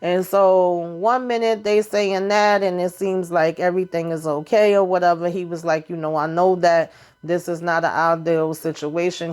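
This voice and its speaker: A woman's voice: fairly low pitch, darkish tone, clear, resonant tone. A woman giving a casual, sassy recap of a reality TV episode, full of chatty asides.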